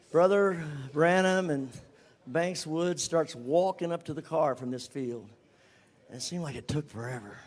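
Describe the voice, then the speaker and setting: An older man tells a personal story to a congregation in a high voice. He is animated and drops to a whisper for emphasis, then rises again. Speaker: speaker giving a testimony.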